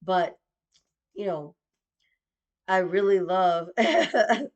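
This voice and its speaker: A woman's voice: fairly low pitch, lively intonation, extremely slow, highs cut off. A woman doing stand-up comedy, swearing freely and mixing in Spanish phrases. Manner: profane, mixes in Spanish phrases.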